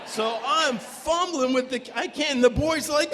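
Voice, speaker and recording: A man telling a true story live on stage, animated and breaking into shouts at the tense moments. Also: extremely high pitch, moderate pace, few pauses, some chatter behind, slight background noise. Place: stage before a live audience. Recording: long hall reverb from a live venue.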